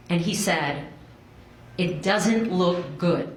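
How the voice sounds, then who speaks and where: Middle-aged woman, live storyteller, conversational and animated, roomy hall sound. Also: measured pace, slight background noise. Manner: animated, chatty, acts out quotes with big pitch jumps. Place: stage before a live audience. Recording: roomy live stage sound with faint ambience.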